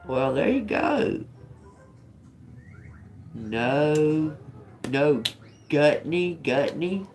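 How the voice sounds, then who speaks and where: Slow, blunt woman musing through a reading. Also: deep voice, lively intonation, a little mellow, faint music behind. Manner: thinks aloud, repeating single words slowly; blunt and profane, with frequent chuckles. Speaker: tarot reader. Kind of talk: live-stream tarot reading.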